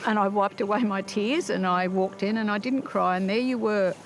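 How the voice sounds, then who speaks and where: A woman's voice: mid-range voice, normal speed. A middle-aged woman, the interviewee's mother, telling a heartfelt story in an earnest way. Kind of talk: emotional documentary interview.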